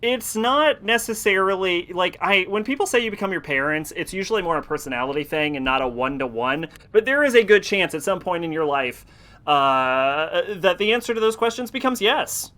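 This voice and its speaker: A man's voice: high-pitched, lively intonation, normal speed, bright, forceful tone. A man streaming a game, chatting casually and reading in-game emails aloud with offhand, profane humor. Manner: offhand, swearing, reads emails in a half-abandoned Russian accent.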